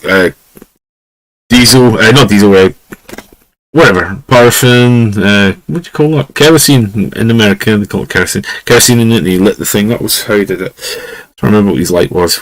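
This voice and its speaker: A man's voice: lowish voice, dry recording, low-quality recording. A Scottish man hosting a podcast, telling stories in a rambling, chuckling way with lots of fillers, at home on a lesser mic. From Scotland. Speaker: podcast host. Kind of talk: casual storytelling. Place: home room.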